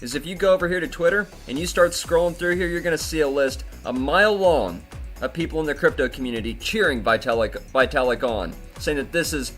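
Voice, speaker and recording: A man's voice: medium pitch, expressive, fairly quick, a bit bright, soft background music. A man hosting a crypto commentary video, talking in an indignant, profane way and often repeating himself. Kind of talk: angry commentary rant.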